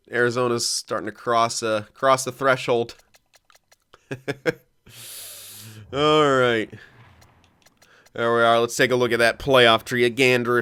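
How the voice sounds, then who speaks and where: A young man casually commentating his own hockey game, excitable, thinking aloud and swearing often. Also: mid-range voice, smooth. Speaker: gaming commentator.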